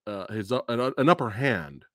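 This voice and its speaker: A man hosting a casual livestream movie review, excitable and profane, often bursting into high laughter. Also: normal speed, no room sound, clean studio sound. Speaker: podcast host.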